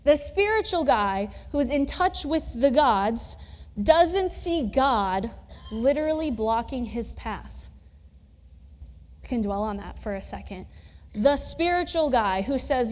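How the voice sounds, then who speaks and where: High-voiced woman preaching in a reverberant church. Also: expressive, slow pace, long pauses. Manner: casual, conversational storytelling with humor. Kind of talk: sermon.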